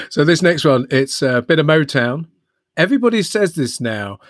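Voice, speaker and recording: A man's voice: a little high, big pitch swings, a little slow, dry recording, clean studio sound. A man co-hosting a podcast, running a music quiz and giving rambling clues with a laugh. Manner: jokey, laughs often, gives rambling clues. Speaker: podcast co-host and quizmaster. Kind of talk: casual quiz chat.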